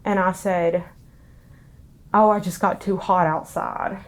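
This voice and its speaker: A young woman with a Southern US accent speaks through tears in a quiet, halting way, pausing and restarting often. Her voice sits low and moves little in pitch, giving a flat, subdued delivery. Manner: halting, soft-spoken, many pauses and restarts. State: crying. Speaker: interviewee. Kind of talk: emotional personal testimony.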